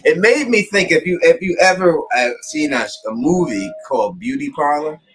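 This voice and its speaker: A man's voice: a little high, normal speed, low-quality recording. A man chatting as a guest on a livestream, telling stories with animation and acting out quotes. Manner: animated storyteller, acts out quotes. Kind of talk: casual livestream chat.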